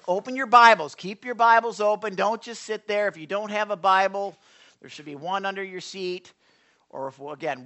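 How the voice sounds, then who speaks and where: A bright, forceful male voice delivering a lively sermon to a church congregation. He keeps it conversational, firing questions at the listeners and teasing them between points. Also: high-pitched. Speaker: pastor.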